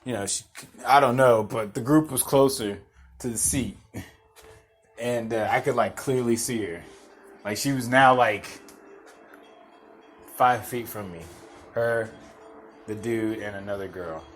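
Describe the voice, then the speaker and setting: A young man talks casually on his podcast, winding through a story with restarts and easy laughter. His voice sits at an ordinary middle pitch. Faint music plays quietly behind him. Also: a little slow, pauses often. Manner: rambling, laid-back, with restarts and laughs. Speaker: podcast host.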